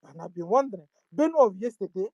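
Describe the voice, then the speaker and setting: A woman's voice: mid-range voice, very animated, fast, darkish tone, husky, no room sound, muffled recording. A woman with a Nigerian accent hosting her own channel, pleading in impassioned commentary full of rhetorical questions and lines in Igbo. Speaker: channel host.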